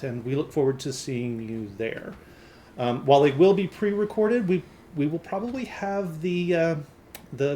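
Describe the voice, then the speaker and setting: A man's voice: medium pitch, a little mellow, slight background noise. A man hosting a tabletop game stream, giving loose, rambling announcements full of fillers and restarts. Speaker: game master and host.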